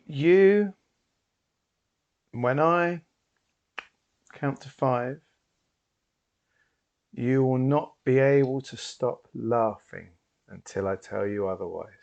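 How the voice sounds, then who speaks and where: A man voicing a theatrical male stage hypnotist, a grandiose showman who booms and draws his words out. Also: gravelly, darkish tone, lo-fi sound. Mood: commanding. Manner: booming, drawn-out, commanding showman delivery.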